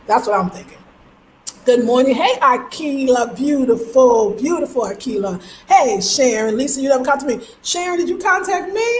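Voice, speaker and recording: A young woman with a New York accent chats loosely on a livestream. She reads viewers' comments, jokes, and laughs often in a slightly high voice. The room has an echoey ring with a faint hiss of noise under it. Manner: chatty, animated, laughs often, slangy. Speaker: livestream host. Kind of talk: casual live chat reading comments. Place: home.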